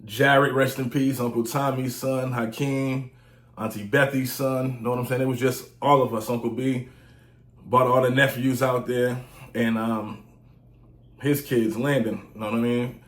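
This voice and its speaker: A man's voice: mid-range voice, fairly even intonation, measured pace. A man in his forties telling stories in a casual vlog, loose and slangy, often saying "you know what I'm saying". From United States. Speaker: vlogger, music reviewer. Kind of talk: casual storytelling monologue. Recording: roomy echo.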